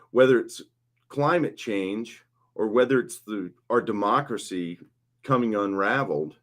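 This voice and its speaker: A man in his fifties, a political candidate talking casually on a live stream, blunt, passionate and rambling. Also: lowish voice. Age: 50s. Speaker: congressional candidate.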